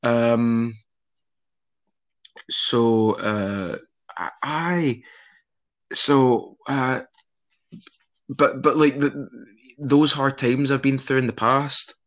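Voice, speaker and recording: A man's voice: medium pitch, drawn-out words, long pauses, fairly bright tone. A young Scottish man chatting casually in an interview, rambling with frequent restarts and swearing. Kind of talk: casual conversation.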